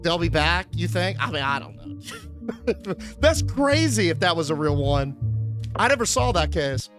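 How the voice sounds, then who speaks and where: High-voiced, profane young streamer. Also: male voice, sing-song, a little slow, music in the background. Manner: loose, profane, chatty, reads game text aloud. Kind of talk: casual gameplay commentary. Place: home streaming setup.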